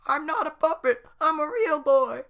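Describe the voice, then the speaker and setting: A man voicing a small wooden puppet boy who pleads in a shrill, squeaky voice. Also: animated, normal speed, sharp tone, exaggerated voice. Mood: desperate.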